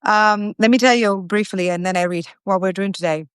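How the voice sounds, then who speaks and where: A woman's voice: mid-range voice, brisk, clean tone, no room sound. A woman in her forties hosting a casual live stream, greeting viewers by name and chatting as she cooks. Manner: chatty, warm greetings to viewers, frequent restarts. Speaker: host of a live cooking stream.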